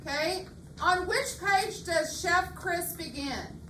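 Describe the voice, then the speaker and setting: Patient woman teacher, unhurried and clear, recorded from across a roomy classroom with faint hiss. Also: very high voice, pushed and bright. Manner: slow, patient, repeats questions. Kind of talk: reading lesson. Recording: echoey classroom, far mic, faint hiss.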